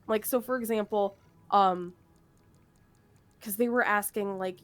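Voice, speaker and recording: A woman's voice: mid-range voice, steady tone, a little slow, pauses often. A woman casually telling a long, rambling story about running a tabletop game, full of fillers and laughter.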